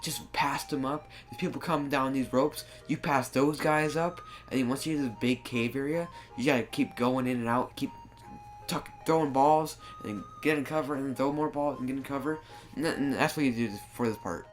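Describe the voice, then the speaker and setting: Using a new desktop microphone, a man with a mid-range voice gives fairly quick, offhand commentary while he plays a game. Soft music sits behind him as he wanders from point to point, restarting sentences and dropping in frequent fillers.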